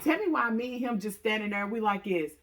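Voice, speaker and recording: A woman casually telling a story to viewers, often calling them "y'all" and acting out what people said with big jumps in her voice. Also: brisk. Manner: animated, acts out quotes with big pitch jumps; talks straight to viewers, says "y'all" often.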